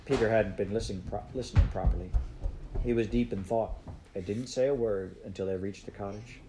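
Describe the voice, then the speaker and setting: A man reading a children's story aloud in a measured, even storytelling manner. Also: lowish voice, noisy background. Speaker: narrator. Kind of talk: audiobook narration.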